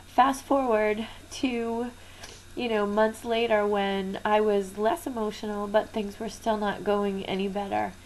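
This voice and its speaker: A woman's voice: mid-range voice, level tone, takes it slowly, rough recording. Business coach lady telling her story, candid, a bit teary, faint noise behind. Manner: candid, emotional, frequent fillers and soft laughs. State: close to tears. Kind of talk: personal storytelling to camera.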